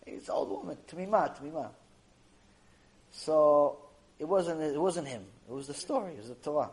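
A rabbi gives a Torah lecture, his voice slightly high and his pace moderate, captured on a low-quality recording. He tells stories animatedly, repeats himself often, and acts out the people in them.

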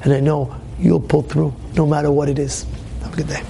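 Gravelly rabbi with a high voice, shouting at times. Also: male voice, flat delivery, a little fast, a little hiss or hum. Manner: bursts into shouting for emphasis, repeats phrases. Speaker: rabbi giving a Torah class. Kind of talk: spirited storytelling sermon. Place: classroom with students.

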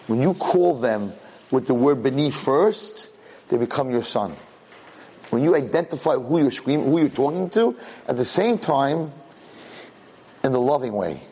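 A man teaching a Torah class, animated, jumping high when he acts out a yelling parent. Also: slightly rough. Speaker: Torah lecturer. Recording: long hall reverb.

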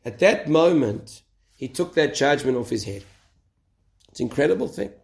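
A man's voice: medium pitch, lively intonation, moderate pace, vocal fry. A man giving a rousing Torah talk as a rabbi, asking rhetorical questions and answering them himself.

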